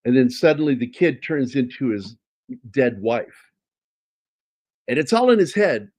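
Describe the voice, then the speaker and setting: A middle-aged man talks through his own comic pages in a loose, casual chat. He rambles, restarts sentences, and drops in casual swearing. His pitch sits in an ordinary middle range for a man. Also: big pitch swings, unhurried, a little mellow. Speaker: comic artist showing his work.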